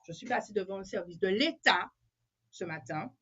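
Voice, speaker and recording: A woman's voice: medium pitch, lively intonation, a little fast, a bit bright, husky, muffled recording. A woman in casual conversation, emphatic and opinionated, switching between English and French mid-sentence. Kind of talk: casual chat.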